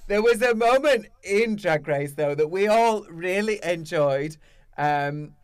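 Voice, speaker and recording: A man hosts a relaxed interview, his voice sitting a little high for a man. He asks questions in a chatty, teasing way and fills the gaps with "um". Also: slow, smooth. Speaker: interviewer host. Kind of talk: casual interview chat.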